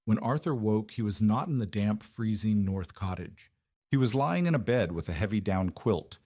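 A man narrating a scripted story in a steady, even way. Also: fairly low pitch, normal speed, no echo, clean studio sound.

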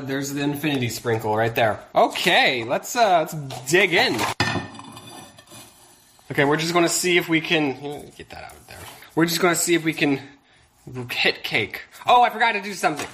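Joking male YouTuber, lively pitch. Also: a little hiss or hum. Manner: jokey, mock-sincere. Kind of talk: casual vlog.

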